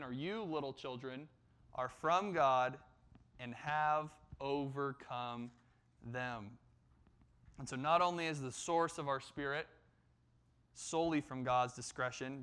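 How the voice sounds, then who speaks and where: Man preaching with a smooth, clear voice. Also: medium pitch, fairly bright tone. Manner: measured preaching, slows and lifts for scripture quotes. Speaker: pastor. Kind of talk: sermon.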